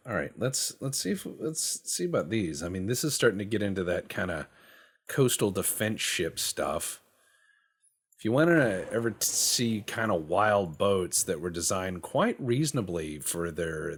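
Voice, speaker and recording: A man's voice: deep voice, slightly rough. A man hosting casual gameplay commentary, rambling and joking, and swearing freely as he goes. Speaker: gaming channel host.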